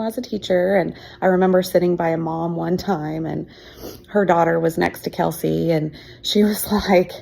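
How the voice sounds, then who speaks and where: A woman's voice: fairly low pitch, fairly even intonation, moderate pace, creaky, warm tone. A woman in her fifties, a teacher, telling her own adoption story in an emotional, chatty way with fillers and laughs. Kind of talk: personal storytelling.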